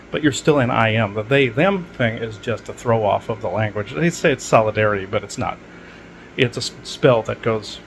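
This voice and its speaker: A podcast host with a mid-range voice delivers a loose, rambling monologue full of filler words and restarts. The recording is rough, with slight background noise.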